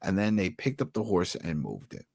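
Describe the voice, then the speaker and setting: A man co-hosting a casual TV recap podcast, animated and acting out characters' lines. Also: low voice, moderate pace, creaky, husky, no room sound, clean studio sound. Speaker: podcast co-host.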